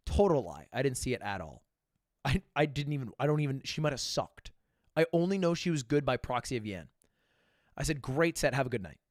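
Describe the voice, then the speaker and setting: A young streamer casually recounts a story, mocking himself and cursing frequently. His voice, sitting a bit high, ranges widely, jumping to loud bursts and dropping to quiet asides, and the sound is close, dry, and echo-free.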